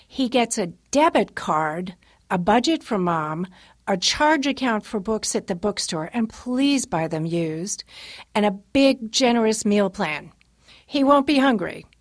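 A woman's voice: fairly high pitch, no echo, clean studio sound. A middle-aged woman, a personal finance columnist, reading a wry, conversational radio commentary.

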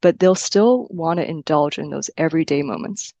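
Male consultant soundbite, raspy-gravelly, fairly high, dry. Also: moderate pace, mellow, no room sound. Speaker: consultant interviewee. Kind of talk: interview clip.

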